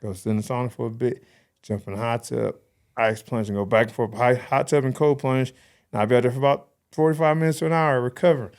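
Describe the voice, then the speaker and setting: Fast-talking man in his thirties. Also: mid-range voice. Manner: animated storyteller acting out quoted dialogue. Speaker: podcast guest. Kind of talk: casual interview chat.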